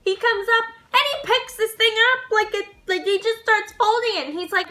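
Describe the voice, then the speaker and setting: A young woman vlogger telling a story to camera in a casual, animated way, swearing and laughing as she goes. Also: very high voice, moderate pace.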